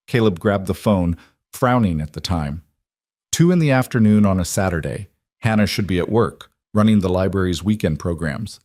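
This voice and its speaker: A man reading a scripted story in an even, measured narration. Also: deep voice, no echo, clean studio sound.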